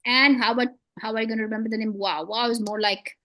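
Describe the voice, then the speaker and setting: A woman's voice: fairly high pitch, steady tone, quick pace, a bit bright, no echo. A woman teaching beginners to read, patient and encouraging, with playful memory tricks and frequent praise. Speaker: Quran reading teacher. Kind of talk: one-on-one beginner lesson.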